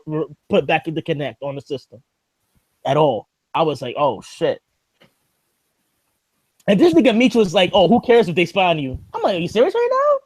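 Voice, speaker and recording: A man's voice: high voice, a little mellow, no room sound, studio quality. A man hosting a podcast in casual chat, ranting animatedly and swearing freely, describing himself as skeptical and paranoid. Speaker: podcast host.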